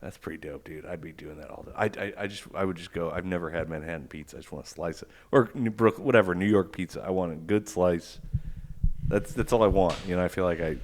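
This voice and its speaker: A man's voice: low voice, brisk. A man co-hosting a podcast in casual chat, rambling and making crude jokes. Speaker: podcast co-host.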